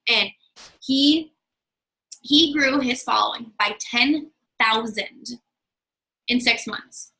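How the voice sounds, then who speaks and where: A woman's voice: on the high side, slow pace, pauses often, sharp tone, low-quality recording. A woman leading her sales team in an emphatic motivational talk, repeating her key points. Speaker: team leader of a sales business.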